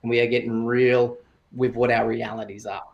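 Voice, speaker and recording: A man talking as a breathwork coach in a casual podcast interview, calm and explanatory, in short phrases. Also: mid-range voice, normal speed, dull audio.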